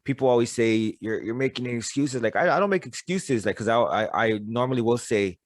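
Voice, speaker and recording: A man's voice: medium pitch, brisk, no room sound, studio quality. A man hosting a podcast, talking candidly and bluntly with lots of cursing and stammered restarts. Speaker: podcast host. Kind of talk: casual interview conversation.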